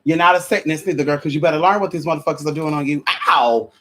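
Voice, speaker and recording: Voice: mid-range voice, very fast, noisy background. Sassy tired vlogger doing a foul-mouthed sermon, keeps saying honey, yelps ow, drags out the bible verses. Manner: sassy, calls listeners honey and girl; stammering restarts, shouted ow exclamations. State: tired and sweaty. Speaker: vlogger preaching to viewers. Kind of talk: profane sermon-style rant.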